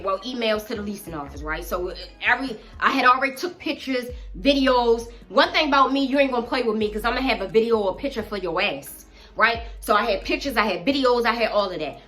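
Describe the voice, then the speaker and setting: A middle-aged woman telling a storytime vlog in a casual, animated, profane way, talking straight to her viewers. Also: fairly high pitch. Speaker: vlogger.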